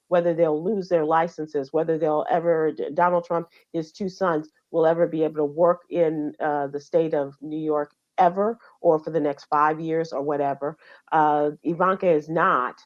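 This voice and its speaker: A woman's voice: low voice, fairly even intonation, muffled recording. A middle-aged woman hosting a radio show, going over the news in casual chat and talking with fillers and restarts. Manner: conversational, halting with fillers.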